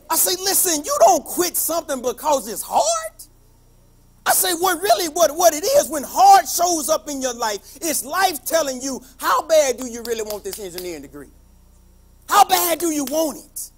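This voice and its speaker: A man, a teacher, giving a passionate motivational speech, telling stories and building to emphatic shouts. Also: extremely high pitch, sing-song, moderate pace.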